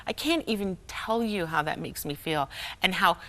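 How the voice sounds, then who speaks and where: A guest speaker and humorist in her middle years recounts something from her own life on a TV talk show set, frequently laughing as she imitates the story's characters. Her voice is somewhat low and a little bright, moving at an ordinary pace.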